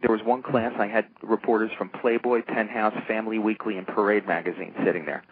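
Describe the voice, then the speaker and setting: A man's voice: on the low side, a little fast. Older man telling stories over a tinny line. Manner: animated storyteller acting out quoted voices. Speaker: interview guest, comic book producer. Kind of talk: storytelling in a casual interview. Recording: tinny phone-line sound with faint noise.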